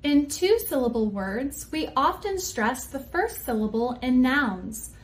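High-voiced woman, slow and clear. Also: sing-song. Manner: clear, deliberate. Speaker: co-host of a grammar lesson. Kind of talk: scripted educational dialogue.

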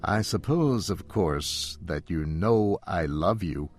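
A man voicing a carefree, polite young gentleman who speaks light-heartedly. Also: sits low, animated, slow pace, soft background music, exaggerated voice. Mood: polite, breezy.

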